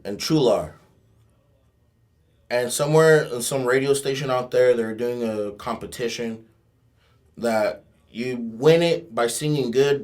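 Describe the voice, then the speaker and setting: A man from Fresno, California, a guest on a podcast, telling rambling, profane stories in a laid-back way. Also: mid-range voice. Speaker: podcast guest, tuba player. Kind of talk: casual chat, storytelling.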